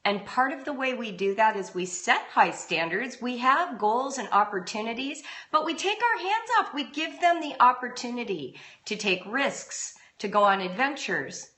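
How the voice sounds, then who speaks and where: Middle-aged woman host, heartfelt and direct with her viewers; crisp, bright delivery. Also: fairly high pitch, expressive, normal speed, hardly any pauses. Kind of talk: live-stream talk to parents. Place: home.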